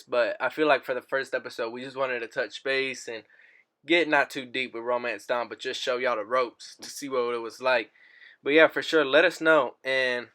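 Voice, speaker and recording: A man's voice: medium pitch, bright, forceful tone. A young man hosting a casual podcast, talking to listeners in a laid-back, slangy way. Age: young adult. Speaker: podcast host.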